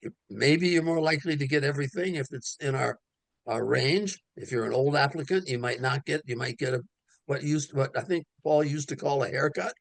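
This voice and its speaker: A man's voice: medium pitch, brisk, gravelly, no room sound. A man on a town committee, explaining his reasoning step by step in a meeting. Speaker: committee member.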